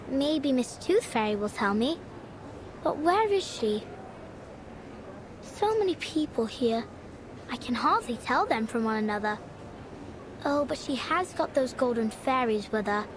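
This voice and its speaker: An actress playing a curious young street girl, asking quick, wondering questions in game dialogue. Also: sits high, background noise, full character voice. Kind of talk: video game voice acting.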